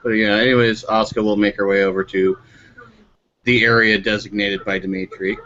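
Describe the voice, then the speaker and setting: A man's voice: on the low side, level tone, fairly quick, sharp tone, highs cut off. Dry, pedantic male player. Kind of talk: casual tabletop game chat.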